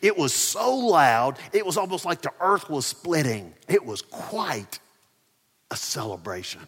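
A man preaching a sermon, swinging between loud emphasis and quiet asides. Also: on the high side, big pitch swings, a little slow, husky. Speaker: pastor. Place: church near ball fields and a parking lot. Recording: echoey church hall.

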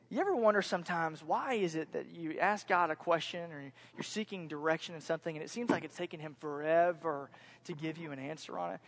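A man in his thirties from Central Florida preaching a sermon, earnest and reflective, repeating his key points. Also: high voice. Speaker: pastor.

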